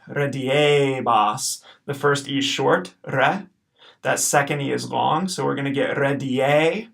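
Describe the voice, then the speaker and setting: A man teaching a recorded language lesson, patiently explaining and slowly repeating each word. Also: medium pitch, vocal fry, fairly bright tone. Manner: patient, encouraging, slows to repeat words. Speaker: Latin teacher.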